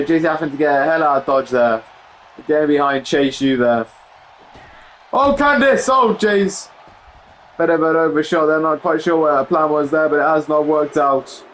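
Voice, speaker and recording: A young man commentating a wrestling video game in casual play-by-play, excitable, often saying "jeez" and correcting himself mid-sentence. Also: medium pitch, a little hiss or hum, low-quality recording.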